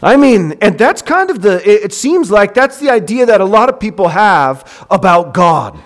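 A man preaching a sermon with passion, acting out short dialogues and swinging from loud to soft. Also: sits high, sing-song, moderate pace.

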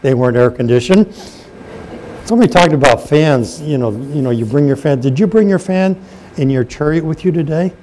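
Male preacher, fairly high voice, lively sermon delivery with light room hiss. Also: brisk, poor audio. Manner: reads scripture aloud and comments, asks the congregation questions. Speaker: pastor.

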